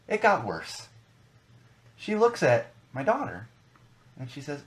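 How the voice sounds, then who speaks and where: A young man holds forth on his podcast in a loose, conversational way. His pitch swings widely as he hammers his points home, repeating phrases for emphasis. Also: a little slow, long pauses. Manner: animated, emphatic, repeats for stress. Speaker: podcast host. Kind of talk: casual podcast rant.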